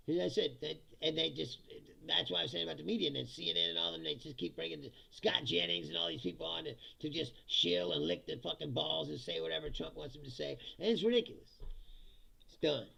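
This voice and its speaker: Gravelly, sharp-voiced ranting male host. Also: fairly high pitch, fairly quick. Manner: profane, blunt, laughs often between remarks. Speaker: live-stream commentary host. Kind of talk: casual ranting live-stream commentary.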